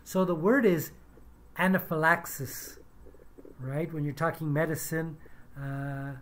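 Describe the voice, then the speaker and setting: A woman who has taught English, talking through pronunciation mistakes in a measured, deliberate way with many hesitant fillers. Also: low-pitched, slight background noise. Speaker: English teacher reviewing pronunciation. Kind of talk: casual spoken commentary.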